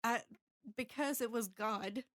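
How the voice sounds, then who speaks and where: A woman's voice: on the high side, takes it slowly, dry recording, studio quality. A woman in her thirties telling a personal story candidly in casual chat, with plenty of fillers. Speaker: podcast co-host.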